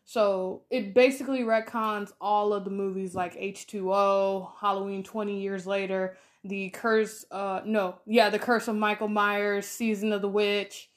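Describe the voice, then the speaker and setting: A woman in her twenties co-hosting a podcast, chatting casually through a film review with lots of fillers and lively retelling. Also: mid-range voice, a little slow, few pauses. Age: 20s. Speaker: podcast co-host.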